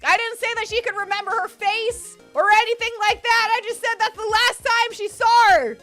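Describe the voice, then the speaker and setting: High, bright, animated woman streamer. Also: normal speed, soft background music. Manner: animated, swearing, mock-angry rants. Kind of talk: live game playthrough commentary.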